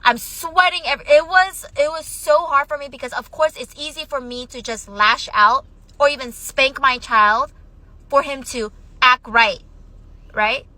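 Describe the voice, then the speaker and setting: A woman's voice: sits high, a little slow, bright, forceful tone, dry recording, poor audio. A mother telling a personal story in an emotional, shaky voice, close to tears. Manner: tearful, shaky, on the verge of crying. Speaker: mother of young children.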